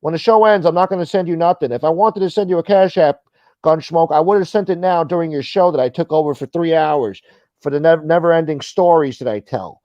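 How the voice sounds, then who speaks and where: A man putting on a slow, dim boastful guy. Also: a little high, mellow, no echo, muffled recording, pitched above the performer's own voice, lightly acted. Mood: mocking. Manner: slow, drawling, self-mocking, profane. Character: boastful rambling dim-witted grown man.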